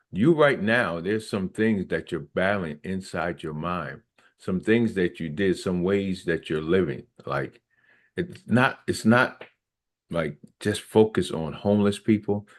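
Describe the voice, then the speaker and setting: A middle-aged man with a fairly low voice reads aloud from his own memoir. Between passages he stops to preach and hammers his points home with repetition. His delivery is earnest and insistent. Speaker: author reading his memoir.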